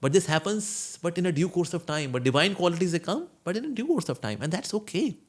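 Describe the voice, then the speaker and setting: A man's voice: high-pitched, sing-song, quick pace. A man, a monk answering questions in a conversational spiritual talk, telling stories and acting out quoted voices. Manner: storytelling, acts out quoted voices, chuckles.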